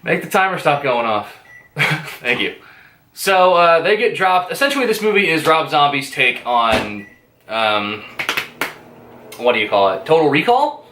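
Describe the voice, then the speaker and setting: A man's voice: on the high side, very animated, a little slow, pauses often, bright, forceful tone, roomy sound, slight background noise. Rambling, profane male movie reviewer. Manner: rambling, profane, hesitant with many fillers. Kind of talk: casual spoken movie review.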